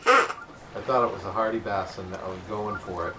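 A man's voice: on the low side, moderate pace. A man playing a video game with his child, chatting casually and joking around, often trying out French words. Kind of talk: casual gaming chat. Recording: distant mic with faint background noise.

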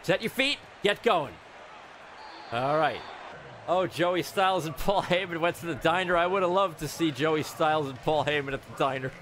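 A man giving loud, swearing commentary while playing a football video game, reacting to every play. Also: on the high side, normal speed, a little hiss or hum. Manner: excitable, yells and swears at the game. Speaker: gamer streamer. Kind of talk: live gameplay commentary.

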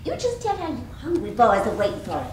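A woman's voice: on the high side, huge pitch swings, brisk. An actress playing a middle-aged Southern mother, a faded belle who chatters and flirts with little laughs, in a stage play. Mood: wistful. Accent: American Southern. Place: theater stage. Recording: roomy stage audio from far off with hiss.

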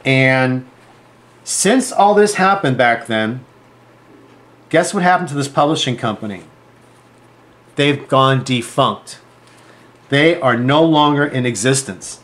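A man's voice: medium pitch, slow pace, pauses often. A man, a sewing designer, telling a story to camera in a chatty, rambling way and acting out the dialogue. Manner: animated, acts out quoted dialogue.

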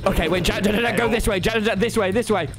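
A British man streaming a game, loud and excitable, swearing and breaking into shouts. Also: sits high, fast talker, over loud music. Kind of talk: chaotic gaming banter.

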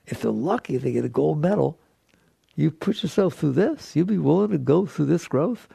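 Very gravelly, husky man teaching. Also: fairly high pitch, lively intonation, moderate pace, mellow, dry recording, studio quality. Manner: emphatic, repetitive, conversational. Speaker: spiritual teacher. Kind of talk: spiritual talk to an audience.

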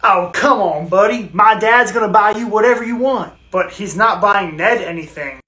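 Woman playing a laid-back cartoon boy, drawling, bright voice. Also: medium pitch, normal speed, close to an everyday voice. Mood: easygoing. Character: laid-back boy who calls friends partner.

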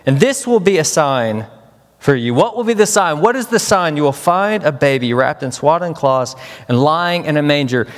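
A man's voice: fairly high pitch, animated, normal speed. A man from Memphis, Tennessee, preaching a chapel sermon as a pastor, dramatic and full of rhetorical questions. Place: large chapel hall. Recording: long hall reverb.

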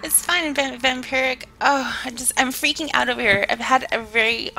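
Bright-voiced woman streaming a game. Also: high-pitched, moderate pace, slight background noise. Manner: chatty, swearing, easily startled. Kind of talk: casual live-stream commentary.

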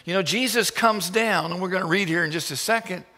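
A male pastor delivers a sermon in a casual, stop-and-start manner, his voice fairly high and bright. A long church reverb trails every phrase. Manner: informal, halting with restarts.

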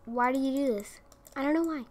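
A woman's voice: high-pitched, a little fast, darkish tone. A young woman giving casual gameplay commentary, often exasperated and talking to the characters on her screen. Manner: exasperated, talks to the game characters. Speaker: gaming video creator.

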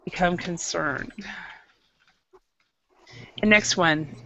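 Bright-voiced woman teaching English. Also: on the low side, very slow, creaky, muffled recording. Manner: patient, explains with many restarts. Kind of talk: classroom lesson. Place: classroom.

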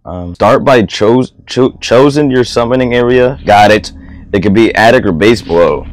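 A young man hosts his own comedy vlog, speaking at a medium pitch and moderate pace. He rambles goofily, talking to himself.

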